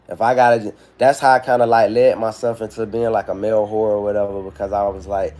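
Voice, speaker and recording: A man's voice: lowish voice, little pitch movement, fast, few pauses, mellow. A young man talking frankly and rambling on a livestream from his phone, swearing freely as he opens up about heartbreak. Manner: rambling, frank, profane, confessional. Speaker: livestream host. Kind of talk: candid livestream talk.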